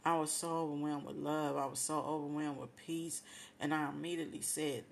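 A female radio host tells an emotional religious testimony on air, offering heartfelt praise and thanking God repeatedly. Her low, gravelly voice moves fairly quickly, with a slight hiss or hum in the background.

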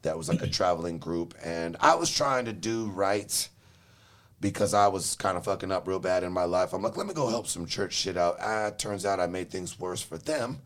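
A man's voice: sits low, moderate pace, a bit bright. A young man from Los Angeles telling his life story in casual chat, rambling and swearing, with frequent laughs. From Los Angeles, Southern California. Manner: profane, rambling, laughs often.

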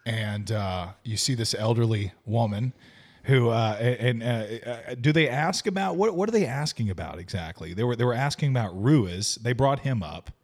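A man co-hosting a casual movie review podcast, excitable and full of fillers and laughs. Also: mid-range voice, normal speed. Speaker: podcast co-host.

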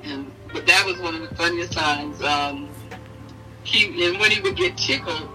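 A middle-aged woman, interviewed as a mother, telling fond family memories in an animated way and laughing often. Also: sits low, a little slow, faint music behind. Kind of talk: casual storytelling in an interview. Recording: voice heard from a distance.

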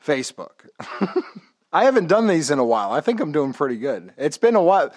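A man's voice: a little high, very animated, normal speed, darkish tone. A man hosting a podcast in casual chat, laid-back and joking, with a lot of swearing. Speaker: podcast host.

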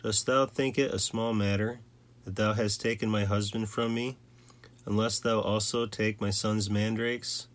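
A man's voice: on the low side, level tone, close to an everyday voice. Leah, a man reading the lines of a rivalrous ancient wife. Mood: earnest. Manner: plainly read, measured.

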